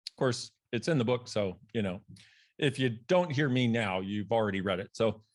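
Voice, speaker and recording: A man, a guest author, telling a personal story in a podcast conversation in an animated way, laughing, swearing and acting out other people's voices. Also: moderate pace. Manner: animated, laughs, swears, acts out quoted voices with big pitch jumps.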